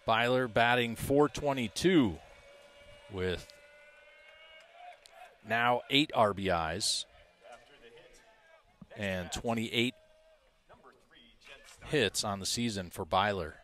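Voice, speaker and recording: Male play-by-play caller for school baseball, slow and steady, low register, reads numbers. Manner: measured, stat-heavy, self-deprecating asides. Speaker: play-by-play announcer. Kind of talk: high school baseball commentary.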